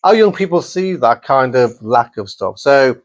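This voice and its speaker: A middle-aged man from England, talking as a podcast guest in an animated, enthusiastic storytelling manner. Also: mid-range voice, moderate pace, no echo. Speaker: podcast guest, college principal. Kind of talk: casual podcast interview.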